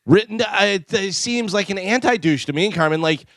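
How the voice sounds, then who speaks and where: A man's voice: high voice, normal speed, no room sound. A man co-hosting a morning radio show, telling anecdotes with animation and mimicking the people he talks about. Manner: animated storyteller, mimics celebrities. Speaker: radio co-host. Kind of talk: casual morning radio banter. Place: radio studio.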